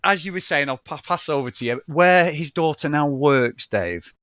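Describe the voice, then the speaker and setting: A man with a fairly high voice chats loosely and excitably, swearing freely and breaking into laughter. The sound is dry and close, with no room around it. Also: moderate pace, clean tone, dry recording. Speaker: podcast co-host reviewing films. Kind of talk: casual chat.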